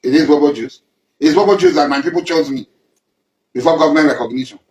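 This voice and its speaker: A man's voice: fairly high pitch, fast talker, roomy sound, poor audio. A Nigerian man giving an emphatic public statement, accusing and repeating himself for weight. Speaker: community leader.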